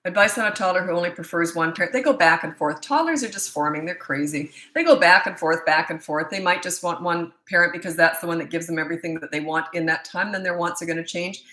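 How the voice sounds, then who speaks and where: A woman's voice: on the low side, fast talker, few pauses, sharp tone, roomy sound. A woman in her sixties from Canada, a parenting coach answering viewer questions in a blunt, firm, opinionated way with rambling asides. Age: 60s.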